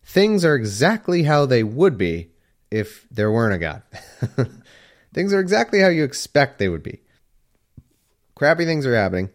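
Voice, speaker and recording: A man reading old scripture aloud slowly, breaking off for irreverent, wry asides. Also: mid-range voice, big pitch swings.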